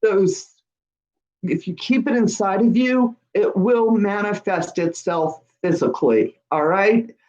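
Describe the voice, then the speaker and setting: A woman's voice: medium pitch, darkish tone, rough recording. A woman hosting a live-stream Q&A who reads out viewer comments and talks in a chatty, encouraging way, often checking in with "all right?". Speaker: host of a witchcraft channel.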